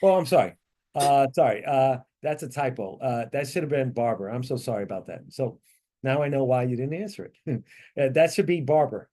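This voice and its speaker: A man leading a tax training class over a video call, explaining answers step by step with frequent fillers and quick apologies. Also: medium pitch, lively intonation, warm tone.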